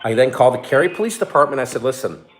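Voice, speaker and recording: A middle-aged man telling a story with a voice that leaps up and down in pitch. He swears freely and acts out what people said in quick bursts. Faint music sits under the talk. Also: expressive. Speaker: online reseller and co-host. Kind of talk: casual storytelling chat.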